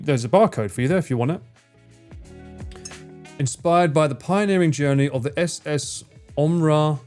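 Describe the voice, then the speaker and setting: A man's voice: a little high, darkish tone. A man chatting casually on a livestream, reading chat, swearing freely and bantering with a teasing tone.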